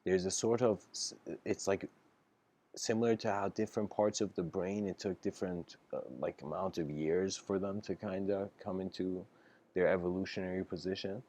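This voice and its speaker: Low-voiced man telling a story casually. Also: fairly even intonation, normal speed, a little mellow. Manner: casual, laughs often, many fillers and restarts; acts out characters' lines in quoted voices. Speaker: lecturer. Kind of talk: informal storytelling lecture.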